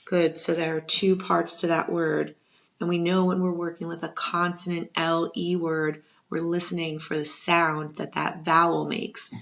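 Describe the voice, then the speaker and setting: A woman teaches young children to spell, breaking words into syllables with patient encouragement. She talks slowly in a lowish, gravelly voice. The recording sounds dull and lo-fi. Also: little pitch movement, fairly bright tone. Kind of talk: second-grade spelling lesson. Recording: muffled lo-fi recording.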